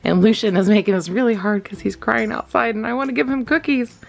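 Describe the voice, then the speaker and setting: A woman's voice: a little high, steady tone, fast talker, vocal fry, faint music behind. A woman giving a casual dog-training vlog lesson, chatty and laughing often as she coos praise at her dogs.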